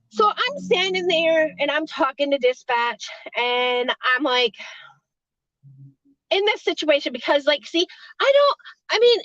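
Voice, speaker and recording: A woman's voice: very high-pitched, a bit bright, no room sound, highs cut off. A woman who works a hotel front desk, telling a story casually, rambling, swearing freely and laughing between lines.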